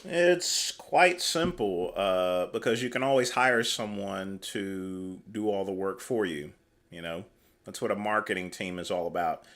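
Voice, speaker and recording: A man's voice: low voice, measured pace, fairly bright tone. A man hosting a livestream, giving casual commentary with dry, mocking asides. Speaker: livestream host.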